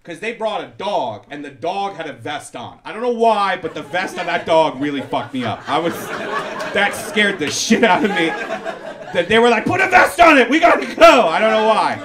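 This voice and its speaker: Man, stand-up comic, slightly high voice, live club crowd laughing. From Persian heritage. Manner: loose storytelling with big shouted punchlines. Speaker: stand-up comedian. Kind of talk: stand-up comedy set. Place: comedy club before a live audience.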